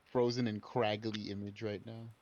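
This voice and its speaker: A man's voice: on the low side, little pitch movement, normal speed, darkish tone, no echo, lo-fi sound. A man joking around as a player in an online tabletop game, laughing often. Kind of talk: casual chat at a game table. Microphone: video call.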